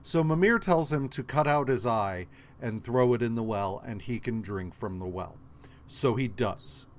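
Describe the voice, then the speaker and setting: Slow-talking man retelling a story. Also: medium pitch, a little hiss or hum. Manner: rambling, profane retelling with many fillers. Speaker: podcast co-host. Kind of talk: casual comic recap chat.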